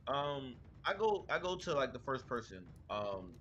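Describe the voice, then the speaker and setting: A man's voice: medium pitch, very animated, unhurried, a bit bright, dull audio. A man playing in a tabletop role-playing game, describing his character's moves hesitantly with many fillers. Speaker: player. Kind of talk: casual tabletop game play.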